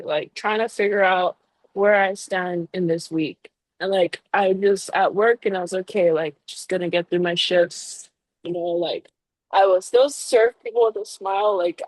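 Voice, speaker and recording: A woman's voice: medium pitch, darkish tone, no echo, low-quality recording. A young woman, a baker and business owner, telling a heartfelt personal story on a podcast, full of "like" fillers. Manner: emotional, heartfelt, lots of "like" fillers.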